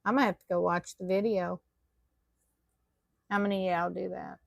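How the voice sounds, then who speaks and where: A woman's voice: mid-range voice, steady tone, moderate pace, vocal fry, no echo. A woman teaching a live online tatting class, chatty and self-deprecating as she talks viewers through her work.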